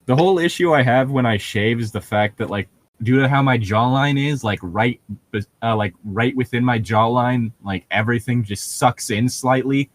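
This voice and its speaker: A man's voice: medium pitch, moderate pace, dry recording. A young man co-hosting a casual podcast chat, rambling with lots of fillers and laughing often. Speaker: podcast co-host.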